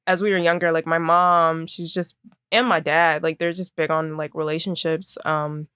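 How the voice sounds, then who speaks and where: A woman's voice: sits low, little pitch movement, normal speed, a bit bright, clean tone, no echo, clean studio sound. A young woman from Maryland, a fashion designer, chatting casually as a podcast guest and using lots of fillers. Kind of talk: casual conversation.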